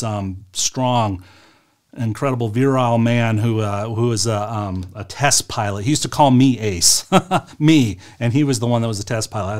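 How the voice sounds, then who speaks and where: A man, a financial advisor, presenting a webinar in a casual, story-driven way, with rhetorical questions and frequent fillers. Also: on the low side. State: choked up at moments.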